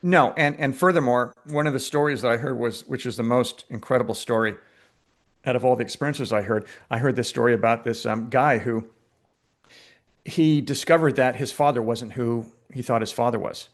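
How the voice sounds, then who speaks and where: A filmmaker being interviewed, telling stories in a lively, conversational way with frequent fillers and restarts. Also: male voice, medium pitch, normal speed. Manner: animated storyteller, many restarts and fillers. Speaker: filmmaker guest.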